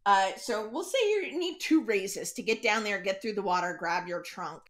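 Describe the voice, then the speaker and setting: A woman's voice: medium pitch, animated, normal speed, a bit bright. A woman narrating as game master of a tabletop game, chatty and laughing often.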